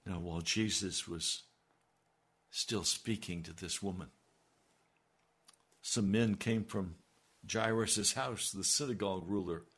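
A man's voice: sits low, slow, pauses often, a bit bright, breathy edge. A man preaching a sermon as pastor, with emphatic delivery that swells on key lines.

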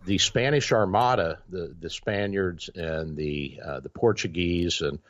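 A man's voice: sits low, measured pace, a bit bright. A man hosting a radio show, telling long rambling stories in casual chat with many restarts and fillers. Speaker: radio show host, doctor. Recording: dry, dull lo-fi radio sound.

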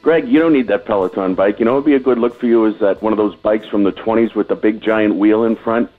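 A man's voice: on the low side, soft background music. A man calls in to a sports radio show, trading jokes and film references. His voice comes through a dull, muffled phone line. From Massachusetts. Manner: joking, quick with film references. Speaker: caller.

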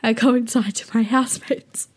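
A woman's voice: on the high side, steady tone, normal speed. A young woman hosting a show, telling rambling, self-mocking stories to listeners in a casual, profane way and laughing often.

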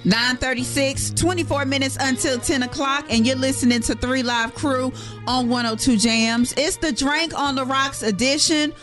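A woman's voice: high voice, steady tone, normal speed, fairly bright tone, soft background music. A woman hosting a morning radio show, playful and laughing, reading listener letters on air. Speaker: radio co-host.

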